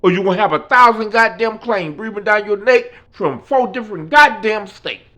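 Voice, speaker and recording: A man voicing a menacing gang leader who shouts threats and swears heavily while telling a story. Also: high-pitched, expressive, moderate pace, pitched above the performer's own voice. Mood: threatening.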